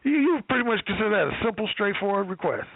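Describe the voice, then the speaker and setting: A man working as a dating coach, telling a story in a profane, animated way, with lots of quoted dialogue. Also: high-pitched, quick pace, no room sound, narrow, tinny audio. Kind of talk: storytelling on a call-in show.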